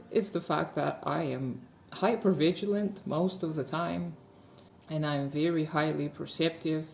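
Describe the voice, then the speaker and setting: Soft-spoken woman with a low, gravelly voice. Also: roomy sound. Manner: slow, soft, faint and measured. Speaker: video essayist. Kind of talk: calm reflective monologue.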